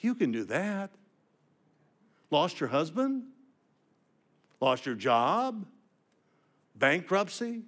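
An older male preacher delivers a personal sermon with a slightly high voice. He tells his story with raw feeling, dropping to a hush for heavy moments and rising emphatically for his points. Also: big pitch swings, extremely slow, pauses often. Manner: emotional storytelling, dramatic swings from hushed to emphatic.

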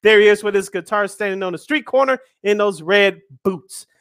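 A man's voice: high-pitched, moderate pace, a bit bright, clear, resonant tone, no echo, clean studio sound. A man in his thirties hosting a live sports radio show, chatty and jokey, reading out lists with emphasis. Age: 30s. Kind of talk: casual radio sports talk.

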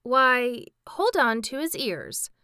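A woman voicing an earnest young boy who gives brisk instructions in a storybook reading. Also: a little high, sing-song, pushed and bright, clear, resonant tone, no room sound, studio quality, voice pushed up, heavily acted.

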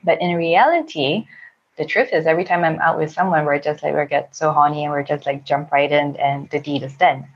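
A woman's voice: deep voice, fairly even intonation, fairly quick, highs cut off. A woman from Singapore, telling frank personal stories casually and acting out her own quotes. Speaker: podcast guest, sex blogger. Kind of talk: candid casual storytelling.

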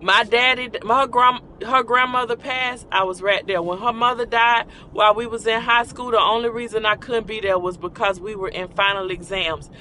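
Bright-voiced woman telling a story. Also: a little high, fairly even intonation, normal speed, hardly any pauses, a little hiss or hum. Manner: conversational, repeats key lines for emphasis. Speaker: speaker sharing personal stories. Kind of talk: casual personal storytelling.

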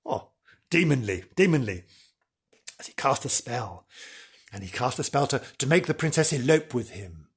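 A man with a husky voice telling an old legend with a wink, stepping out of the story for jokey asides. His pitch sits in a middle range, and he paces the tale for suspense. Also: expressive, moderate pace. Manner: theatrical, jokey asides, chuckles. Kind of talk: playful storytelling narration.

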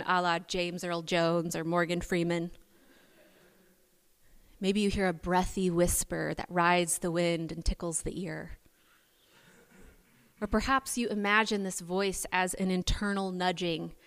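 A woman preacher giving a sermon, telling the story in an animated, playful way. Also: mid-range voice. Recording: long hall reverb.

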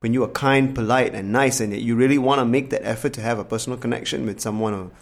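A man's voice: mid-range voice, fast talker. A man in a casual podcast chat, talking animatedly, swearing often and acting out other people's voices.

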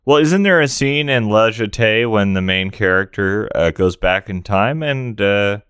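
Male podcast co-host, deep smooth voice, dry close sound, jokey deadpan. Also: no echo. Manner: jokey, deadpan asides, quick to correct facts. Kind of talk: casual film review chat.

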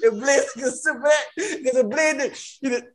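High-voiced man telling a rowdy story. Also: moderate pace. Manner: animated, slangy, profane, breaks into laughter. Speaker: podcast host. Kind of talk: casual storytelling.

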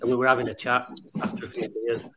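A man's voice: medium pitch, little pitch movement, fast talker, lo-fi sound, noisy background. A man on a podcast panel chatting casually, self-deprecating and laughing as he talks. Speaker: guest panelist. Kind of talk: casual chat.

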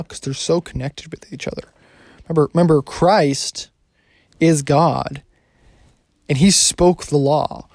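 Man preaching casually, dark gravelly voice, dry close sound, loose phrasing with frequent restarts. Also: on the high side, moderate pace, no echo. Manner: conversational, frequent restarts and self-corrections. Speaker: Bible teacher. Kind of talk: casual sermon.

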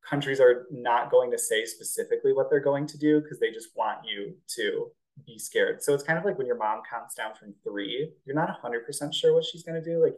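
A young man co-hosting a podcast chats casually, explaining things through jokey comparisons to everyday life. His voice is medium-pitched, and the recording is rough.

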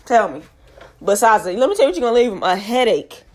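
A woman's voice: medium pitch, sing-song, fast talker. Young woman with a stuffy nose, hosting her show, hammering points home, asking "you hear me?". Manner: emphatic, repeats points, asks the audience directly. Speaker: show host. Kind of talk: casual motivational monologue.

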